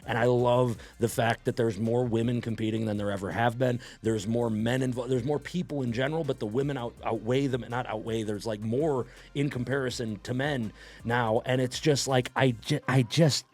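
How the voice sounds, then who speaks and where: A man who coaches powerlifters, talking excitedly and emphatically in a reaction video and swearing a lot. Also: mid-range voice, normal speed.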